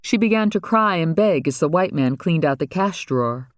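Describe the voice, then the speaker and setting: A male narrator reads a crime thriller at a steady, even pace. His voice sits a little higher than most men's, and the recording is close and dry, with no room sound. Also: normal speed, no echo. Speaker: audiobook narrator. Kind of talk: scripted narration.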